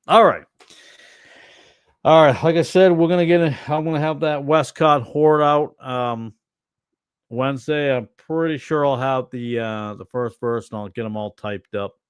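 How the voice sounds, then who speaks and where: A tired middle-aged pastor chatting casually on a livestream, rambling with many fillers and restarts. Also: male voice, fairly low pitch, no echo, studio quality.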